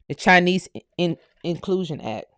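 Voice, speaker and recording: A woman's voice: on the low side, animated, a bit bright, no room sound. A young woman, hosting her own channel, reads old legal documents aloud and stops to comment to viewers. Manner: halting, loses her place, addresses viewers as y'all. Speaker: channel host.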